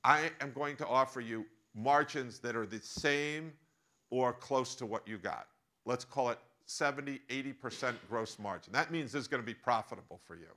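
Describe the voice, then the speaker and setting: A man's voice: mid-range voice, moderate pace, bright, forceful tone, close to an everyday voice. A man with an American accent voicing an eager, chatty former consultant, a woman who is also a mother, as part of a told story. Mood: persuasive.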